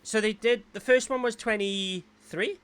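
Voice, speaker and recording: A man hosting a casual chat, asking questions in an animated, stumbling way. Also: high-pitched, unhurried, clean tone, no echo. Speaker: podcast host.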